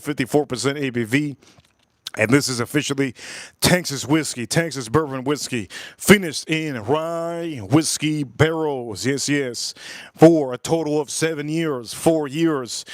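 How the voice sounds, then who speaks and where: A man's voice: on the high side, dry recording, studio quality. A man reviewing whiskey in casual live-stream chat, enthusiastic and repeating his phrases.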